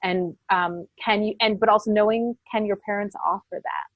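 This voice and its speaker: A woman's voice: mid-range voice, fairly even intonation, normal speed, no room sound, muffled recording. A woman moderating an interview, affirming and summarizing what she hears while searching for her words. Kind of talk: reflective interview questions.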